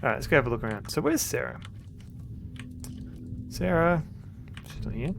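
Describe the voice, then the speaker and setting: A man streaming a retro adventure game, chatting along in a relaxed, meandering way with dry little jokes. His voice is mid-pitched with a noticeable gravelly fry at the ends of phrases. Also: normal speed, slight background noise. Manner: relaxed, rambling, wry asides. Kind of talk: casual game commentary.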